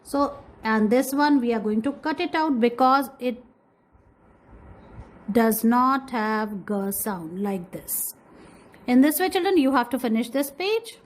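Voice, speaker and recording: A woman with a fairly high voice leads a kindergarten lesson. She draws out each letter sound slowly and keeps repeating words. She calls out to the children often, guiding them step by step. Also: expressive, poor audio. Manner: slow, drawn-out phonics sounds. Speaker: kindergarten teacher. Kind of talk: classroom lesson.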